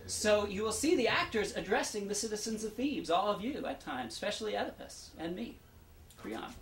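A man with a high, slightly bright voice and lively intonation chats with the audience before the show at a moderate pace. As an actor, he tells them the backstory in a storytelling manner, and the sound is roomy and distant with a faint background hum.

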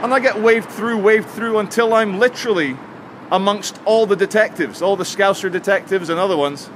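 A man's voice: high-pitched, normal speed. A man vlogging to camera on a city street, telling a story in a chatty, jokey way. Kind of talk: walking vlog to camera. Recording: faint street and traffic noise.

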